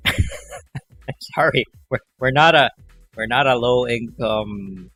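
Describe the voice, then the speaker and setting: A man hosting a livestream, chatting casually in a rambling way and acting out callers in animated voices. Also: on the low side, unhurried, faint music behind. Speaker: livestream host.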